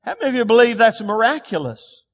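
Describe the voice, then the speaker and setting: A man's voice: very high-pitched, sing-song, fast. A man preaching a sermon as pastor, emphatic and calling on the congregation to respond. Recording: long reverb of a large hall.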